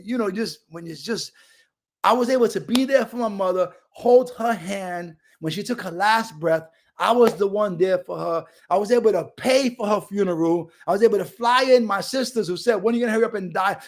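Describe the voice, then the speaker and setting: A middle-aged man from Brooklyn gives an animated, streetwise recovery testimony over a video call. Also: high voice, moderate pace, slight background noise. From Brooklyn, New York. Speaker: recovery speaker.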